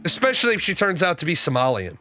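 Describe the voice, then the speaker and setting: Middle-aged man, bright forceful tone, high voice, blunt and profane, faint music behind. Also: wildly swooping pitch, fast talker. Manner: blunt, profane, talks back to viewer comments. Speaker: podcast host. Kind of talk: opinionated casual commentary.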